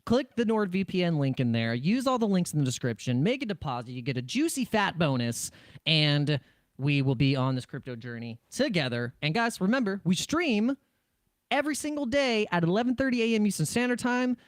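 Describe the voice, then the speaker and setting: A man hosting a crypto live stream in a casual, rambling way, with a slightly high, smooth voice. He jokes around, restarts his sentences and laughs often. The sound is close and dry. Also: big pitch swings, normal speed, dry recording. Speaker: crypto livestream host.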